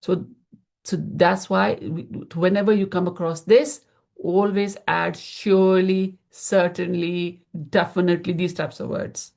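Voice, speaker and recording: A woman's voice: on the low side, little pitch movement, measured pace, vocal fry, a little mellow. A woman teaching a grammar lesson over slides, explaining patiently and repeating key terms. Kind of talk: slide-based online lesson.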